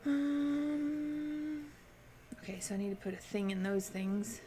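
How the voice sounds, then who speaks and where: A woman's voice: mid-range voice, completely flat delivery, fast, dark tone, a little hiss or hum. A woman streaming a video game, chatting casually and thinking aloud as she plays and answers her chat. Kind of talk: casual live-stream commentary while playing.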